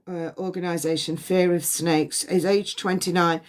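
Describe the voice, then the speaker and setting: A woman giving a past-life psychic reading on a phone livestream, halting and repeating words as impressions come to her. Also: lowish voice, fairly even intonation, a little mellow. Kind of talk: livestream reading and guided release.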